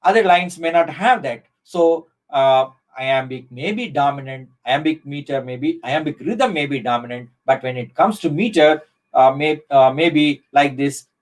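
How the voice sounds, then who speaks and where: Professor lecturing on poetic meter. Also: male voice, a little high, normal speed. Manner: explains step by step, many fillers and restarts. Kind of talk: live online lecture on poetry.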